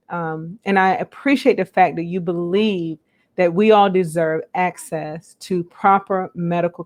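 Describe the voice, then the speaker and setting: A woman hosting a live-stream chat, speaking earnestly and appreciatively, with many soft fillers. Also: on the low side. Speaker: host.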